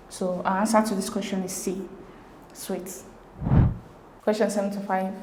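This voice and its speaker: A woman, working through exam questions as a tutor in a steady, methodical way. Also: mid-range voice, a little hiss or hum. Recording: echoey room.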